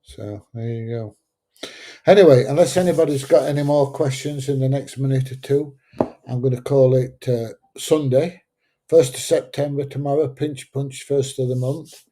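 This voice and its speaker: This livestream host, a man in his seventies from Sheffield, England, speaks Sheffield English with a mellow, medium-pitched voice at normal speed. Casually reading viewer comments, he rambles and chats bluntly, sometimes slipping into mild swearing.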